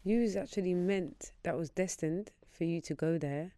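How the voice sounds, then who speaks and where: A woman hosting a podcast, asking probing questions and reacting softly. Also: fairly low pitch, normal speed, no room sound. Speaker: podcast host. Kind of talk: interviewing. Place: podcast studio.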